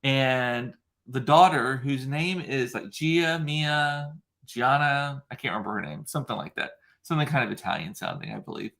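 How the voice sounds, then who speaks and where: A man's voice: mid-range voice, lively intonation, normal speed, vocal fry, fairly bright tone. Rambling young man telling a funny story. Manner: rambling storyteller, lots of ums, laughing asides. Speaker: vlogger. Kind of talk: casual chat to camera.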